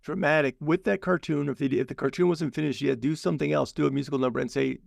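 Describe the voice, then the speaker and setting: A man's voice: fairly high pitch, steady tone, quick pace, vocal fry, no echo, clean studio sound. A man co-hosting a film podcast, playful and emphatic, riffing in casual chat and repeating phrases for effect. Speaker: podcast co-host.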